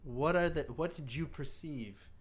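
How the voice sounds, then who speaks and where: A man's voice: a little high, measured pace. A man hosting a casual podcast chat, mostly giving short replies and asking pointed questions. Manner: short back-channel replies and probing questions. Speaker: podcast host.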